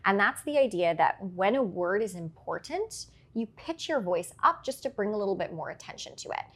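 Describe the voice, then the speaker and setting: A woman working as a public speaking coach, explaining her points clearly in an interview and often checking in with "right?". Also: mid-range voice, animated, moderate pace. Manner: articulate, explains with examples and frequent "right?". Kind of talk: instructive interview answers.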